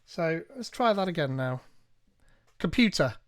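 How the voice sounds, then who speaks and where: A man hosting a live tech tutorial, reading instructions aloud and thinking out loud as he goes. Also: on the high side, normal speed, no room sound, clean studio sound. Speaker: tech streamer.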